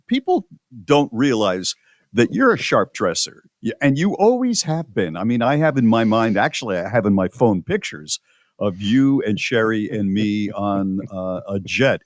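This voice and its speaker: A man's voice: on the low side, dry recording, clean studio sound. A middle-aged man hosting a radio talk show, chatting in a friendly, conversational way. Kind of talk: casual radio chat.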